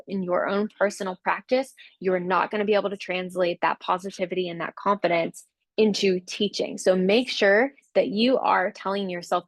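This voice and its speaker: A woman's voice: medium pitch, normal speed, no echo. Upbeat woman coaching fitness instructors. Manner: upbeat, encouraging, acts out client quotes. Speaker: Pilates business coach. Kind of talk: casual instructional talk.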